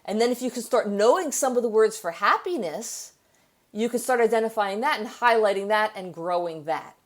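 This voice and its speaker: A woman's voice: medium pitch, expressive, normal speed. A woman author and therapist explaining ideas in an interview, telling stories from her practice with frequent restarts. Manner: explanatory, storytelling, with many restarts. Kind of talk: interview conversation.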